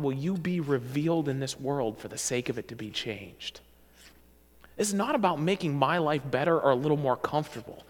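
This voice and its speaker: A man delivers a sermon to his congregation, talking in a casual, animated way. His voice sits fairly high and swings widely in pitch. The sound carries the long reverb of a church hall. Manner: animated, conversational preaching with asides and self-corrections. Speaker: pastor. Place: church sanctuary.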